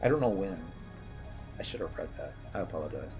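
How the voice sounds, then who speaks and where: A game streamer in his thirties gives casual gameplay commentary in a low voice, very animated and a little fast. He rambles, reminisces, and pokes fun at himself as game music plays behind him.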